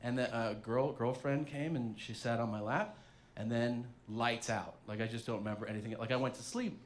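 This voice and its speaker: A man doing stand-up, telling a long personal story in an animated way and acting out other people's lines. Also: mid-range voice, moderate pace, a little hiss or hum. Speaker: stand-up comedian.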